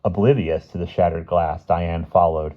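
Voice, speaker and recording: A man reading a children's storybook aloud in a lively, expressive way. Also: sits low, moderate pace, muffled recording. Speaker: audiobook reader. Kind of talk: storybook narration.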